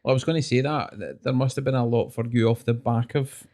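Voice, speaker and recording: A woman's voice: a bass voice, steady tone, fast, mellow. A woman hosting a casual interview, mostly giving short encouraging replies and questions. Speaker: interview host.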